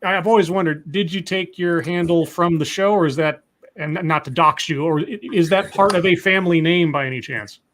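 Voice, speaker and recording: Male stream host, casual, jokey, a bit higher voice, stumbles through restarts. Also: brisk, slight background noise. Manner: relaxed, joking, many fillers and restarts. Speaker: livestream host. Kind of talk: casual call-in chat.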